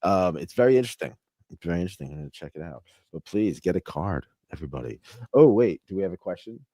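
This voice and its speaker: Deep-voiced, effusive male podcast host. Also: animated, fast, mellow, no room sound, clean studio sound. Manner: effusive, gushing with thanks. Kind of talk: casual interview chat.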